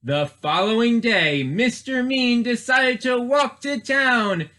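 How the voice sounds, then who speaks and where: A man's voice: very high-pitched, bright, forceful tone. A man, a children's librarian, reading a storybook aloud expressively and asking the listeners questions.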